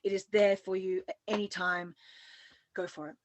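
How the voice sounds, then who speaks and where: A woman's voice: mid-range voice, level tone, moderate pace, dry recording. Brief: female co-host, mid voice, upbeat and giggly, close dry mic. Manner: chatty, upbeat, giggles often. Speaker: podcast co-host. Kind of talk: casual conversation.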